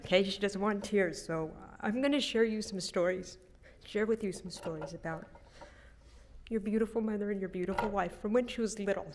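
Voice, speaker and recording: Brief: middle-aged woman, eulogy for her sister, anecdotal, gentle laughs, mid pitch. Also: a little fast, slight background noise. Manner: anecdotal storytelling with soft laughs. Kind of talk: funeral eulogy.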